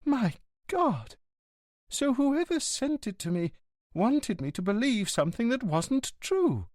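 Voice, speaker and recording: Senhora idosa siciliana, emotiva e insistente, na voz de um homem, tom alto e suplicante, som seco. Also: male voice, very animated, slow, a little mellow, dry recording, studio quality, full character voice. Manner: high, pleading, tearful outbursts. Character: elderly Sicilian headmaster's wife, emotional, insistent.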